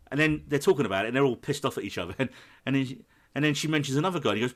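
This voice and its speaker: A man's voice: medium pitch, rapid-fire. Chatty man retelling a film. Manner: animated storytelling, acts out quoted lines. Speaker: podcast co-host. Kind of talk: casual film chat.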